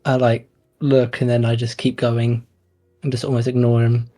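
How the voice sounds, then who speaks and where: A woman's voice: a bass voice, flat delivery, normal speed, dark tone, soft background music, voice pushed down. A woman voicing an aloof, judgmental young woman who speaks curtly and dismissively. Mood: cold. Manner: cool, curt, dismissive.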